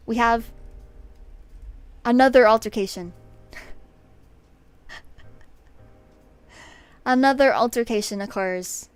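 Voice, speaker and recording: A young woman streamer casually telling a story about a coworker, animated and exasperated, laughing often, on a desk microphone at home. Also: a little high, smooth, no room sound. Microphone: desk USB microphone.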